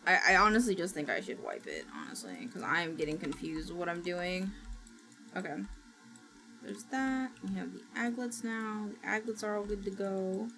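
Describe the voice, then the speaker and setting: A woman streaming, chatting casually while she works and gasping and squealing with excitement as she greets viewers. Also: mid-range voice, moderate pace. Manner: excitable, gasps and squeals at new followers; chatty and self-mocking, talking while working. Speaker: VTuber streamer. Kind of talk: casual livestream chat. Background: faint background music.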